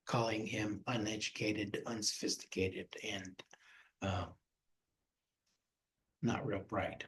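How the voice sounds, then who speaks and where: Male pastor, folksy Bible teaching, slow unhurried delivery, roomy echo. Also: medium pitch, darkish tone. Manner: folksy, acts out quoted voices. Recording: echoey room.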